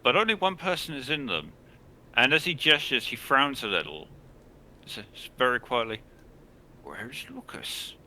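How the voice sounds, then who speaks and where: A man narrating as game master of a tabletop game, describing actions in plain, halting phrases. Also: mid-range voice, sing-song, bright, forceful tone, a little hiss or hum.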